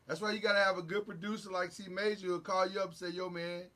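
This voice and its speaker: A man hosting a casual sports talk show, recapping games in an animated, joking way with sound effects. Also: sits high, very fast.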